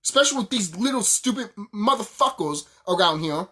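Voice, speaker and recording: A man's voice: sits high, expressive, a little fast, bright, forceful tone, husky. Heated, swearing young man ranting. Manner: heated, profane, laughs often, repeats himself. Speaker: YouTuber ranting about games. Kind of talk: casual profane rant.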